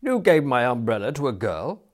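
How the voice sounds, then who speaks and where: A man voicing an indignant, flustered young clubman who talks loudly in exasperated bursts. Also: medium pitch, sing-song, normal speed, voice pushed up. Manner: loud, exasperated spluttering.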